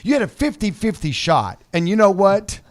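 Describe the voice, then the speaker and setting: A man co-hosting a business show, talking in a halting, easygoing way with many repeats. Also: high-pitched, very animated. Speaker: co-host. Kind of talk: casual chat.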